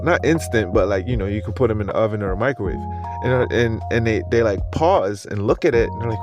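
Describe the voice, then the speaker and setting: A man hosting a podcast in an unscripted, profane monologue. He rambles, restarts his sentences and laughs often, and his voice sits at a middle pitch. Faint music plays behind him. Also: expressive, quick pace. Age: adult with a school-age kid. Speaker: podcast host.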